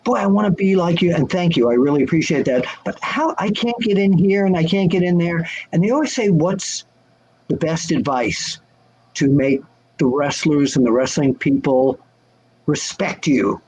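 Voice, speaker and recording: Older man with a husky voice. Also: fairly high pitch, normal speed, poor audio. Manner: animated, acts out quoted voices. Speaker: guest answering fan questions. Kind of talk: casual storytelling chat.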